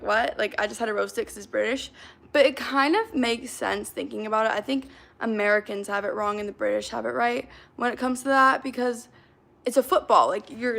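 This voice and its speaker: A young woman talks straight to her livestream chat, hyper and rambling, with filler likes everywhere. Her voice sits a little high and carries a gravelly fry. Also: fairly bright tone. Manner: chatty, hyper, reacts to comments, fillers of like.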